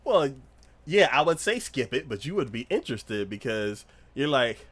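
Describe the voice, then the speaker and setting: A man chatting casually on an anime podcast, his voice swinging high and low as he relives a story. His tone is bright and forceful, and he acts out the scenes he describes with squeals and bursts of laughter. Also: very animated, normal speed. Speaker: podcast co-host. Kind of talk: casual anime review chat. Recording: livestream podcast.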